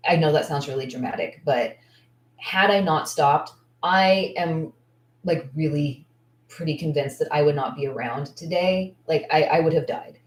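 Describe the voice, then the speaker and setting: A woman in her thirties speaks as a business coach in a low-pitched voice, rambling and thinking out loud with plenty of fillers. She sounds candid and heartfelt. The recording is roomy and echoey, with the mic set some distance away. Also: moderate pace. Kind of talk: casual Q&A talk.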